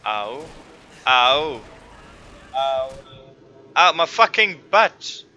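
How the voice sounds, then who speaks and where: A man's voice: mid-range voice, sing-song, extremely slow, sharp tone, a little hiss or hum. A man commentating on his own gameplay, frustrated and swearing constantly. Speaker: gamer. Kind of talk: let's play commentary.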